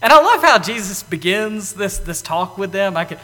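A man delivering a sermon, his pitch rising and falling in wide, animated sweeps. His tone is bright and forward, and he acts out the lines he quotes. A long reverb hangs on his voice, as in a large hall. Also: moderate pace. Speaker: preacher.

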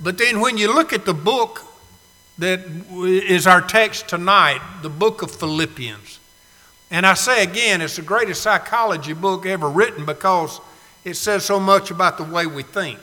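Man preaching in a reverberant hall. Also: high-pitched. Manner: preaching with dramatic swings from hushed to shouted; drawn-out emphatic words, rhetorical questions. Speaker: pastor. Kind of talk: sermon. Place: church sanctuary. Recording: long reverb of a church hall.

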